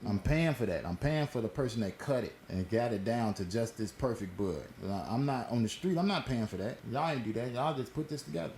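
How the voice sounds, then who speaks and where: A man's voice: mid-range voice, expressive, brisk, hardly any pauses, darkish tone, slight background noise. A man hosting a casual current-events talk, telling stories in a laid-back, slangy and profane way while smoking. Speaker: host.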